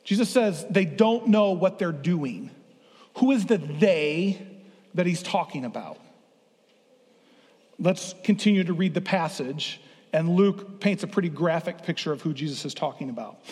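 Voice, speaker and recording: A man's voice: fairly high pitch, lively intonation, measured pace, darkish tone, husky. A middle-aged man preaching a sermon as pastor, playful and drawing the congregation into the reading. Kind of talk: interactive sermon. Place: church sanctuary. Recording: long hall reverb.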